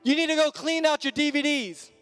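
Man preaching, high voice, emphatic and repetitive, long hall reverb, faint music. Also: fairly quick. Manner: emphatic, repetitive, rising to shouts. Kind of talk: sermon. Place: church sanctuary.

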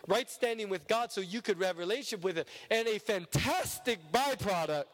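Male preacher, high voice, emphatic sermon delivery, long hall echo. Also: lively intonation, normal speed. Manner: emphatic, rising and dropping to a hushed low voice.

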